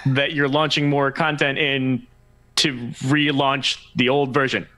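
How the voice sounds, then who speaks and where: A man's voice: medium pitch, level tone, unhurried, bright, forceful tone, low-quality recording. A man co-hosting a gaming podcast, dropping wry, teasing remarks. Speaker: podcast co-host. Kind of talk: casual podcast chat.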